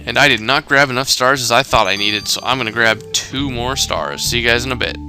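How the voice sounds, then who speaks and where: A man's voice: mid-range voice, brisk, music in the background. A man casually commentating a mystery game, rambling and thinking aloud. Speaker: gamer. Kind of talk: let's play commentary.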